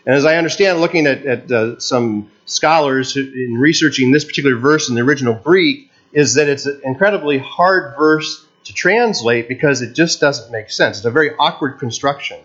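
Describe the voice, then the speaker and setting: A man whose first language is not English preaches a sermon in an earnest, teaching tone, often pausing and restarting his sentences. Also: medium pitch, fairly bright tone, lo-fi sound. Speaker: pastor.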